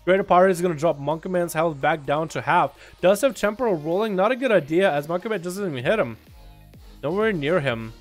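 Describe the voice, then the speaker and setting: A man giving live play-by-play commentary on a game match, with sudden excited bursts. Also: a little high, fairly quick, faint music behind. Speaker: esports caster.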